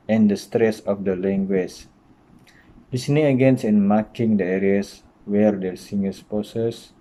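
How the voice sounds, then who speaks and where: Slow, dark-voiced man giving language tips. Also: lowish voice, poor audio. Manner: hesitant, many uh fillers and grammar slips. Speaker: English pronunciation teacher. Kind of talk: instructional talk.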